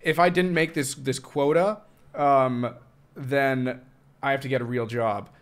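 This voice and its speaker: A man's voice: mid-range voice, steady tone, unhurried. A man hosting a podcast, chatting easily about his past. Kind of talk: casual chat.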